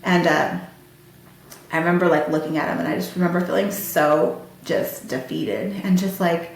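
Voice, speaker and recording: A woman's voice: lowish voice, steady tone, moderate pace, slight background noise. Candid woman in a very echoey room. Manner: candid and heartfelt, talking straight to listeners. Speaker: podcast host. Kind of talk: personal storytelling.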